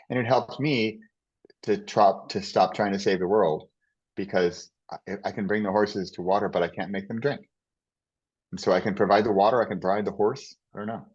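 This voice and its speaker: A man with a low voice talks as a podcast guest, telling stories in a rambling, animated way and often restarting his sentences. The recording sounds dull and lo-fi. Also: breathy edge. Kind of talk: casual conversation.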